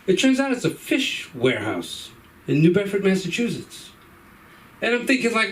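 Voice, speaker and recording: High-voiced man in his fifties doing stand-up. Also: moderate pace, far from the mic, rough recording. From Cape Verde Islands. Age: 50s. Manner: rambling, animated, acts out voices. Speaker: open mic comedian. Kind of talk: stand-up storytelling. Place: comedy club stage.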